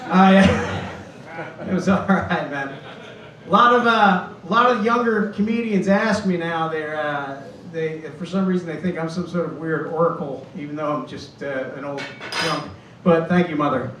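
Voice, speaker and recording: A Boston comedian in his fifties performs a rambling, self-deprecating stand-up set on a club stage, his high voice slightly bright and steady at a moderate pace. The recording is distant, picked up in a roomy club.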